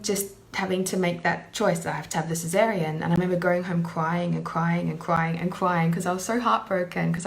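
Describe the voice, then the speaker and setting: A woman in her thirties telling a personal story in an earnest, emotional way, with many "you know" fillers. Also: on the low side. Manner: frequent "you know" fillers, lively retelling.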